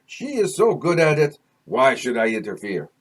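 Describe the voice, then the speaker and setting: A man's voice: medium pitch, huge pitch swings, normal speed, husky. A man voicing a jovial, easygoing middle-aged friend who speaks teasing, broken English with a heavy French accent, in a storybook reading. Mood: wry.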